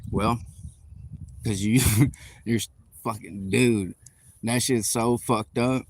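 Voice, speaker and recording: A man's voice: on the low side, steady tone, slow, breathy edge, no echo. A man telling a heated, profane, rambling story during a live stream rant, recorded on a phone outdoors on a city street. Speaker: livestreamer.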